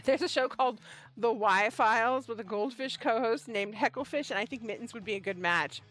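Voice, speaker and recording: A woman from the Pacific Northwest hosting a casual livestream for a small yarn shop, animated, swearing freely and often restarting her sentences. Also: on the high side, brisk, faint music behind. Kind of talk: casual livestream chat with a staged phone-call skit.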